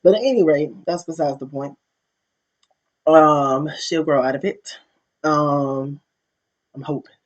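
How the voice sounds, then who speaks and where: A man's voice: a little high, unhurried, pauses often. A man talking casually to his viewers in a candid, profane, storytelling way. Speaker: vlogger. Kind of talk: casual opinion monologue. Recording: dull lo-fi recording.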